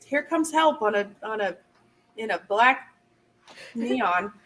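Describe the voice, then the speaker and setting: A woman hosting a casual live chat, telling a story in an animated way and acting out the voices of the people in it. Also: fairly high pitch, slow pace, a little hiss or hum. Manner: animated, acts out quoted voices. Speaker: host. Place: home in the country.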